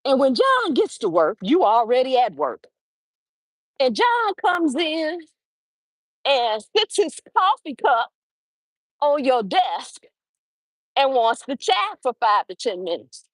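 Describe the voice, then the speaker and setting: A woman talks into her phone while out on a morning walk, giving motivation to her viewers. Her voice is high, swoops up and down, and she takes her time. She acts out short everyday exchanges as she talks, and the sound stays dry and close. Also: takes it slowly, pauses often, no echo, poor audio. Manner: animated, acts out little dialogues. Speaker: livestream host. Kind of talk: motivational walking talk. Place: outdoors on a walk.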